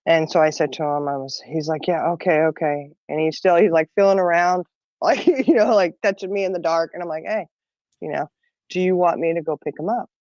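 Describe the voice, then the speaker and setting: A woman's voice: on the low side, a little fast, a little mellow, no echo, highs cut off. A middle-aged woman telling a long story in casual chat, rambling and laughing often. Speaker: podcast co-host.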